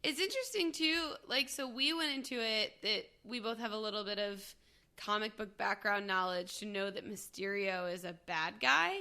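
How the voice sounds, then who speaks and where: A woman's voice: mid-range voice, normal speed, bright, forceful tone. A woman giving an enthusiastic, casual movie review in conversation. She laughs often as she talks. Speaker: co-host.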